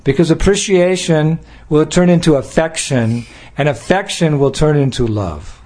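A man's voice: on the high side, moderate pace, darkish tone. An older American man giving a devotional talk, playful, acting out little scenes and laughing along. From United States. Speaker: spiritual teacher.

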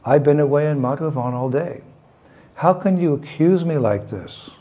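A man's voice: on the high side, expressive, normal speed, dull audio, voice pushed up, lightly acted. A man voicing a mischievous young boy who protests, then pleads with his mother. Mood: protesting.

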